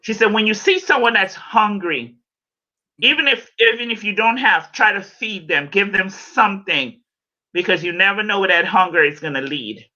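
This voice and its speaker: Bright-voiced woman hosting a podcast. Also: medium pitch, normal speed. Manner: animated, playful, repeats herself. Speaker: podcast host. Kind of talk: casual livestream chat. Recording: dull lo-fi sound.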